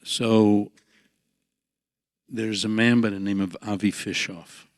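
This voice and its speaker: A man interviewing a guest, speaking in a measured way with brief interjections. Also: fairly low pitch, fairly even intonation, no room sound, studio quality. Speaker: interviewer, family therapist. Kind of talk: interview questions.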